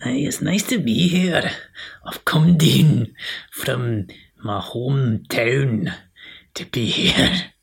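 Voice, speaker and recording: Guy putting on a gruff glaswegian co-host, husky, a bit higher and louder than his normal voice, playfully threatening. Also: takes it slowly, exaggerated voice. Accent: put-on Glaswegian Scottish. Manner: mock-threatening, blunt.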